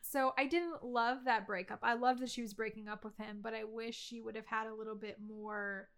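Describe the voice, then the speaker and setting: A woman's voice: on the high side, fairly even intonation, normal speed, a bit bright, smooth. Chatty woman gushing about a movie. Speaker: podcast co-host. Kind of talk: casual movie review chat.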